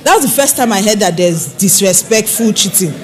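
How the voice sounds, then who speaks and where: A woman counselor giving a preaching-style talk on marriage, telling stories with lively swings in her voice. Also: a little fast, a crowd in the background. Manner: expressive storyteller, swings pitch and acts out quoted people. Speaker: infidelity recovery counselor speaking on marriage.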